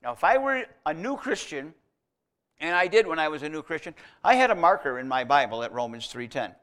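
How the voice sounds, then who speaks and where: Emphatic preacher man, fairly high voice. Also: big pitch swings, a little fast. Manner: conversational, emphatic on key words, swings between loud and quiet. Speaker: preacher teaching evangelism. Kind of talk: sermon teaching.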